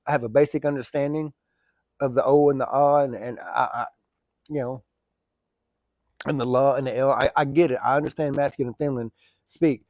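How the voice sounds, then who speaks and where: A man's voice: medium pitch, steady tone, fairly quick, pauses often, darkish tone, muffled recording. A man who drives trucks, telling stories in a rambling, chatty way, swearing casually and laughing easily. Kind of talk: casual storytelling.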